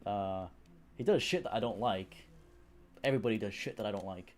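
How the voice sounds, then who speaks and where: A man's voice: lowish voice, brisk, a little mellow. A young man with a mixed Yorkshire and South Wales accent, chatting casually with viewers on a live stream, rambling and swearing freely. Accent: mix of Yorkshire and South Wales.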